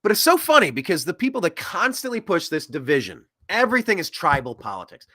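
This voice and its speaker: Male host, 30s, sarcastic rambling commentator, animated high-ish voice. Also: fast talker. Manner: rambling and sarcastic, with mocking put-on quotes. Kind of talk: opinionated political commentary.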